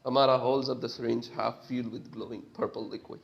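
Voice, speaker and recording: A man reading an interactive story game's narration aloud in a plain, steady way. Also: mid-range voice, quick pace, creaky, muffled recording. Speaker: player narrating.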